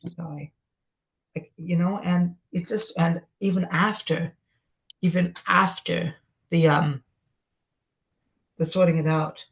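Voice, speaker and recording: This interview guest, a man in his 20s, talks passionately and insistently, circling back to his points in an emotional, conversational exchange. His voice sits high and sounds gravelly, and the audio is dull and lo-fi.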